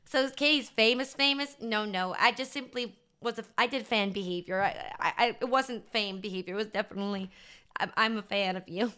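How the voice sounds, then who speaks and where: Bubbly, bright-voiced young woman streamer. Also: on the high side, brisk, clean tone. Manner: bubbly, gushing, chatty with many fillers. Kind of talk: casual chat to a live chat audience.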